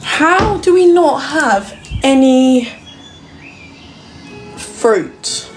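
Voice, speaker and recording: Gushing high-voiced woman. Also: expressive, extremely slow, over music, poor audio. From England. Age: young adult. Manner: gushing, cooing baby talk to her dog. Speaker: live streamer. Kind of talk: casual live-stream chat. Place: home kitchen. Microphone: phone livestream. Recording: loud crowd noise behind.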